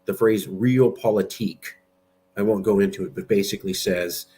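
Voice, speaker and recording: A man's voice: fairly low pitch, fairly even intonation, moderate pace, mellow. A man giving blunt, argumentative political commentary while sharing his screen. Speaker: political movement president.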